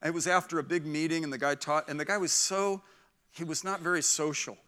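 A middle-aged man preaching a sermon as pastor, animated and acting out the voices of people in his stories. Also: a little high, a little fast.

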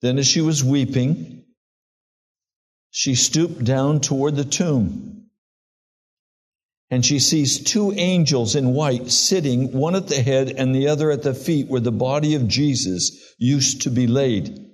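Reading from scripture and then retelling it slowly and earnestly like a story, a pastor delivers his sermon in a medium-pitched male voice.

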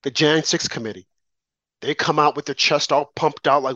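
A man's voice: on the high side, animated, moderate pace, a bit bright, dry recording, highs cut off. A man ranting about politics in a combative, preachy and emphatic way. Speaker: political commentator. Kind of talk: opinionated political rant.

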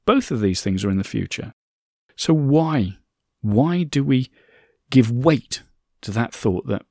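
A man's voice: medium pitch, animated, slow pace, warm tone, dry recording, clean studio sound. A middle-aged man hosts a podcast. He talks earnestly and conversationally and repeats phrases for emphasis. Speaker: podcast host. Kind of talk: reflective motivational monologue.

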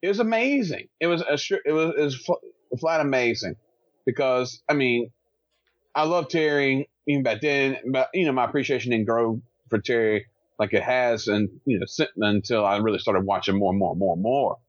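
A man's voice: mid-range voice, normal speed, no echo. A man in a casual podcast chat, talking with enthusiasm and laughing along. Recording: dull dry sound.

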